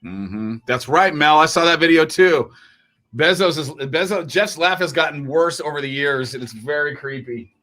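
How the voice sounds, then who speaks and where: Animated bright-voiced man chatting. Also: a little high, normal speed. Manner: rambling, animated, jokey. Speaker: co-host. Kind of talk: casual live-stream chat.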